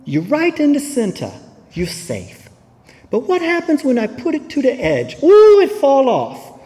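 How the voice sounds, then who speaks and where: Man voicing a high, sing-song, coaxing older mentor; hall reverb. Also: wildly swooping pitch, unhurried, warm tone, heavily acted.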